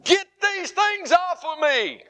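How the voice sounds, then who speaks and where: A man's voice: extremely high pitch, expressive, slow pace, bright, forceful tone, voice pushed up, full character voice. A preacher voicing a man just raised from the dead, still bound in grave cloths and mumbling through them. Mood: pleading. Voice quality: muffled, mumbling.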